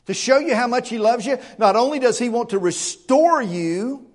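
High-voiced man preaching an earnest sermon. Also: animated, moderate pace. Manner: earnest and emphatic, with stammered word repeats and rhetorical questions. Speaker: pastor.

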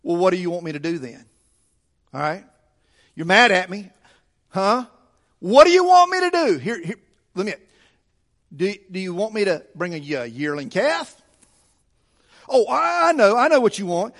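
A preacher putting on a defensive, sarcastic sinner who sounds like a huffy teenager, firing off mocking questions in a high, swooping voice. The sound rings out with a long church reverb. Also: male voice, a bit bright. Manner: mocking, exasperated rapid questions.

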